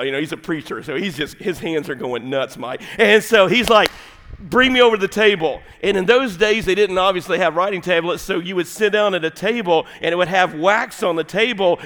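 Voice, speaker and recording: Folksy pastor in a reverberant hall. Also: male voice, high-pitched. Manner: folksy, animated storytelling with sudden drops to quiet, intimate delivery. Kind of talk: sermon. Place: large church sanctuary.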